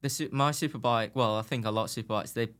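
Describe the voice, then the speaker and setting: A young man, a racer, tells his crash stories in a relaxed chat, acting out his own thoughts and laughing at himself. His voice sits at a middle pitch for a man. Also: quick pace. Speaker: guest, motorbike racer. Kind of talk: casual storytelling in chat.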